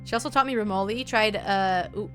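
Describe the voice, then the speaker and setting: With a brisk, mid-range voice, a woman offers casual commentary while streaming a game as music plays behind her. She's chatty and rambling, says hello to chat, and fills the gaps between story beats with talk.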